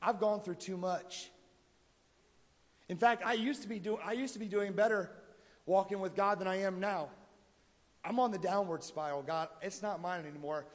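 A man preaching a sermon, moving between quiet pleading and loud exhortation. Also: high voice, fairly even intonation, moderate pace, pauses often. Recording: long hall reverb.

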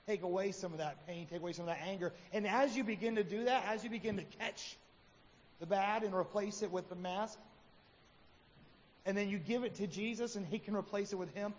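A man with a fairly high voice preaches a sermon in a relaxed, conversational way, slipping into the voices of the people in his stories. The recording is dull and lo-fi, with a long hall reverb and faint noise behind him. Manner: conversational preaching, acts out his own quotes. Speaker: pastor.

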